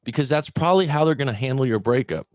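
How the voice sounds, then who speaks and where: A man's voice: mid-range voice, expressive, fast talker, dry recording, clean studio sound. A man, a breakup coach, talking straight to the listener and asking them questions. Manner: conversational, asks the listener questions. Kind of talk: direct-to-camera advice talk.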